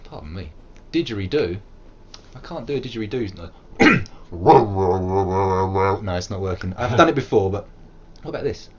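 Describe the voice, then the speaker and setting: A British man talks casually while streaming a game, rambling and joking with a lively, swooping pitch. The audio is a bit dull, with faint steady noise behind him. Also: brisk, pauses often. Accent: British English. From England. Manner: joking, rambling, bursts into silly growls and sung bits. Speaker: streamer playing a game live. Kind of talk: casual live-stream commentary.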